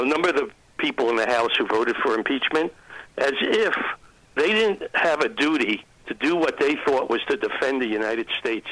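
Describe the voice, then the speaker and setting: A man phones in to a talk show and works through his point haltingly, pausing often on "uh" and restarting sentences. His voice is bright and forward. The sound is close and dry. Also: medium pitch, dry recording, poor audio. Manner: halting, many ums and restarts. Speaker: caller. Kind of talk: phone-in opinion.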